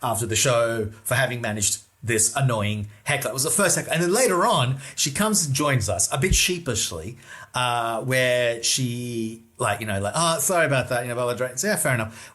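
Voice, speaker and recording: A man co-hosting a comedy podcast, telling a story in a lively way and casually swearing. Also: medium pitch. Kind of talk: casual chat, anecdote telling.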